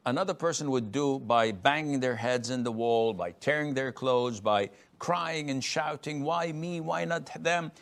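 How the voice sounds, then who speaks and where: A middle-aged man giving a religious lecture as a scholar answering a question, emphatic and at times mimicking complainers. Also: medium pitch. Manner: emphatic, acts out complainers' voices.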